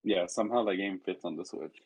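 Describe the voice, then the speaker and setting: A young man co-hosting a casual online chat, telling stories with relaxed banter. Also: low-pitched, fairly quick, husky, no echo. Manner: storytelling, acts out quotes. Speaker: co-host. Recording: dull lo-fi mic.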